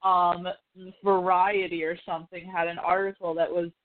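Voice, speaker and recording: With a level tone and mid-range voice at an ordinary speed, a podcast host meanders through casual talk about films. Fillers and frequent curses fill the pop-culture chat, which sounds as if recorded over a phone.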